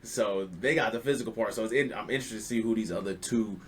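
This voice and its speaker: A man co-hosting an anime podcast, chatting casually and acting out scenes with sudden jumps in pitch and shouts. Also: fast, a little hiss or hum. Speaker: podcast co-host. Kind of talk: animated casual chat.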